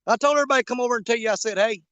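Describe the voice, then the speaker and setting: Rapid-fire and very high-pitched, a man's sharp, clean voice carries with no echo as he hosts his fishing channel by a river. He chats casually and jokingly with live-stream viewers, rambling in a folksy way with lots of fillers.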